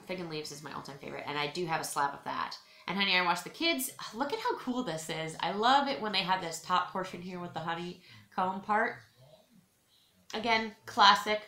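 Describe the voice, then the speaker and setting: A woman's voice: mid-range voice, pushed and bright, echoey room. A woman chatting in a casual haul vlog, bubbly and gushing, talking straight to her viewers. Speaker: beauty vlogger.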